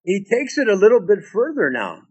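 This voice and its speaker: A man preaching a sermon, reading scripture aloud and musing on it in deliberate asides. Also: sits high, huge pitch swings, slightly rough, dull audio. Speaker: pastor.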